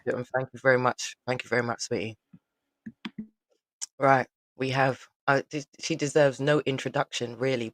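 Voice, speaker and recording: A man's voice: medium pitch, fairly bright tone, no room sound, poor audio. A man hosting a live online show over a video call, effusive and repeating phrases for emphasis. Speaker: host.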